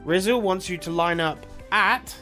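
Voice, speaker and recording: A man's voice: high-pitched, measured pace. Cheeky recorded message from a man. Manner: cheeky, profane, bossy instructions. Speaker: resident videographer. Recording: played-back recording with music behind.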